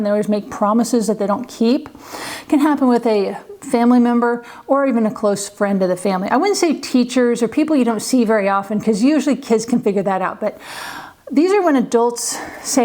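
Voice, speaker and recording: A woman in her forties talks to camera in a relaxed, chatty way, sharing stories from her years as a teacher and a parent. Her voice sits a little high, and her talk is full of light laughs and "you know"s. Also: brisk. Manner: acts out what others say in livelier voices. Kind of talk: casual storytelling to camera.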